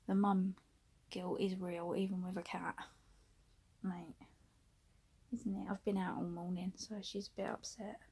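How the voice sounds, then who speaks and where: A young woman vlogs casually at home, a bit out of breath, often slipping into a whisper and softly cooing to her cat. Her voice is mid-range and slightly rough.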